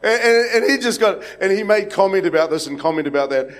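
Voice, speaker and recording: A man's voice: sits high, lively intonation, quick pace. A man from New Zealand with a New Zealand accent, preaching a sermon to a congregation in a rambling, anecdotal way full of fillers and restarts. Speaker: pastor. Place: church hall with congregation.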